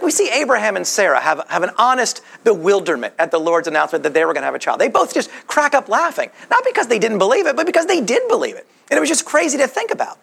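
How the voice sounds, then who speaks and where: Animated, gravelly male preacher. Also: sits high. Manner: animated, conversational teaching with rhetorical questions. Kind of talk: sermon.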